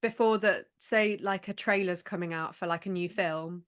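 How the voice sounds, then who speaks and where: A woman host leads a casual podcast chat with her guest. She is encouraging and enthusiastic, with quick, warm reactions to what she hears. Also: on the low side, clear, resonant tone.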